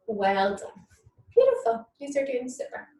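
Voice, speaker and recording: Gentle encouraging woman instructor. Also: high voice, wildly swooping pitch, unhurried. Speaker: mum and baby yoga instructor. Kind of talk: online yoga class instruction with nursery songs. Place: indoor room, moving around on camera. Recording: echoey room, mic at a distance.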